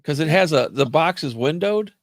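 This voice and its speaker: A man in casual chat, telling rambling, animated stories and cursing freely. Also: fairly high pitch, normal speed, no echo, clean studio sound.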